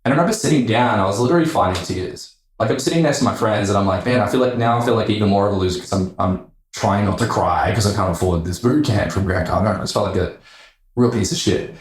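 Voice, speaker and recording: A man, a podcast guest telling a story in a casual, animated way, acting out quoted voices and swearing freely. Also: fairly low pitch, quick pace, slight background noise. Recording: roomy echo.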